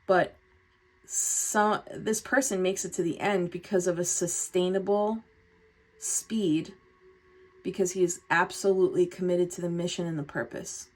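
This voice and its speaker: A woman giving a casual tarot reading, chatty and expressive, with frequent laughs and swearing. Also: lowish voice. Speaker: tarot reader.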